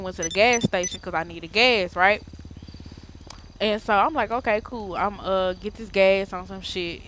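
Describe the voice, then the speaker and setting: A woman's voice: mid-range voice, fairly bright tone, slight background noise. A woman casually retelling a roleplay game story in slangy, profane, rambling speech, acting out the dialogue. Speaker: roleplay gamer telling a story.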